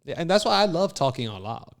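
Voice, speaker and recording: A man co-hosting a podcast in casual chat, swearing freely, animated and laughing often. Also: a little high, fast, gravelly. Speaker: podcast co-host.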